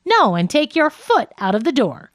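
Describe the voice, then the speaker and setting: A fussy, vain man who gets flustered fast, as a woman narrator reads him. The voice leaps around in pitch with lively swings. The sound is dry and close to the mic. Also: no room sound. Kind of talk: audiobook reading of a radio sketch.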